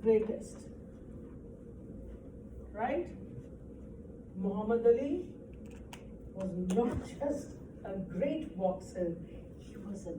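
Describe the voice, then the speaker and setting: A woman's voice: medium pitch, animated, drawn-out words, pauses often. A woman teaching an English grammar lesson to a class, explaining patiently and often checking with "right?". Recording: echoey room, distant mic, faint noise.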